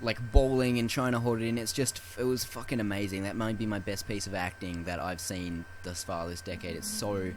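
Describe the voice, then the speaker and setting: A man's voice: on the low side, steady tone, brisk, hardly any pauses, slight background noise. A man co-hosting a casual film podcast, who swears freely and acts out movie scenes with quoted lines. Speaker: podcast co-host.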